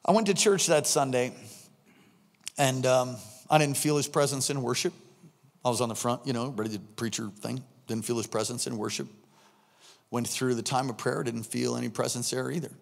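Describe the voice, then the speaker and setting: A man preaching a sermon, telling a personal story and acting out the dialogue, swinging from shouts to hushed tones. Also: mid-range voice, fairly even intonation, moderate pace, gravelly, in a large hall.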